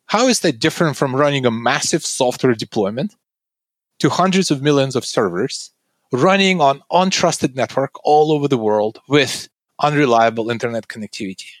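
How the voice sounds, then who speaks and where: A man who founded a tech company answers interview questions in an earnest, explanatory way, pitching his product. His voice sits at an ordinary middle pitch. The recording is dry and close, with no room echo.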